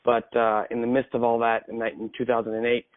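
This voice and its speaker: A man introduces himself on a call in an earnest, fairly low voice, stopping often for ums and fresh starts. The sound is dry and squeezed into a narrow phone-line band. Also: completely flat delivery, brisk, no echo. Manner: earnest, with frequent ums and restarts. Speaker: guest on a coaching call. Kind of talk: personal introduction on a conference call.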